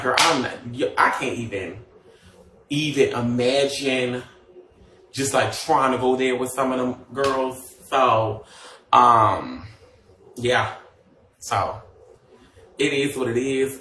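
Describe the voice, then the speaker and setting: A man's voice: mid-range voice, sharp tone, roomy sound, recorded from a distance, a little hiss or hum. A man chatting casually on a livestream, sassy and gossipy, with many fillers and asides.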